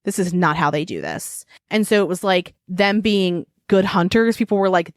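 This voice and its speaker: A woman's voice: medium pitch, normal speed, hardly any pauses, no room sound, studio quality. A woman co-hosting a podcast in casual chat, rambling into tangents and laughing often. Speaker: podcast co-host.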